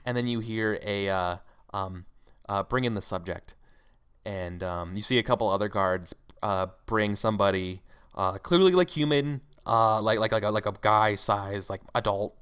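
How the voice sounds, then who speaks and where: A man's voice: fairly low pitch, normal speed, fairly bright tone, clean tone. A man narrating a scene as game master in a tabletop role-playing game, rambling with many fillers.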